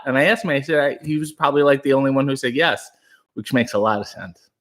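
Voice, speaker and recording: A Canadian man hosting a live stream, reading chat aloud and joking in a breathy, hushed way, close on a new microphone. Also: mid-range voice, fast. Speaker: livestream host reading chat. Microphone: new studio microphone.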